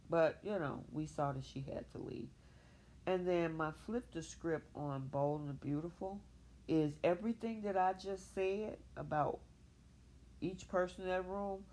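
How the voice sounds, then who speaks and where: Low-voiced and slightly slow, this solo podcast host recaps soap operas in a lively, outspoken, casual style. She speaks for the characters herself rather than doing separate voices.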